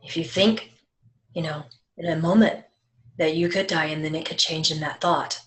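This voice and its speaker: A woman psychic medium in casual conversation, animated and laughing often, dropping to a hush when quoting. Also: low voice, moderate pace. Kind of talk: casual chat.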